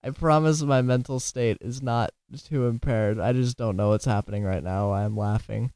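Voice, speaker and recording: A man's voice: mid-range voice, moderate pace, darkish tone, smooth, no echo. A tired man hosting a casual solo podcast, rambling and giggling, slurring his words at times. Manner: giggly, rambling, self-deprecating. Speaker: podcast host.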